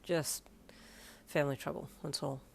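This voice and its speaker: A woman voicing a sarcastic, aloof teenage boy in an audio fanfiction reading, speaking low, flat and teasing. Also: a little fast, vocal fry.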